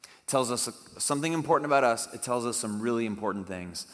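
A man's voice: medium pitch, animated, quick pace, a bit bright. A man pastor giving a conversational sermon, reading scripture aloud with dramatic emphasis. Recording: long hall reverb.

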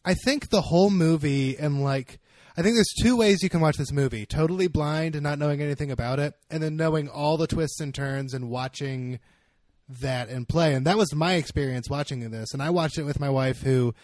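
A man's voice: on the high side, a little fast, a little mellow, no room sound. A young man co-hosting a casual film discussion, rambling with many fillers and restarts. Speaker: podcast co-host.

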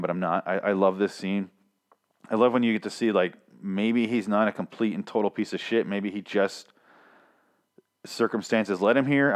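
A man's voice: lowish voice, clear, resonant tone. A young man hosting a podcast, recapping a comic in casual, profane talk and acting out characters' lines in a raised voice. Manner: profane, animated, acts out quotes in raised voice. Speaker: podcast host.

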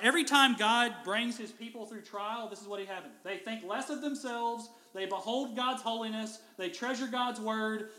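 A man preaching a sermon in an animated way, now and then acting out biblical figures in casual voices. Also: high-pitched, big-room sound. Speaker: pastor.

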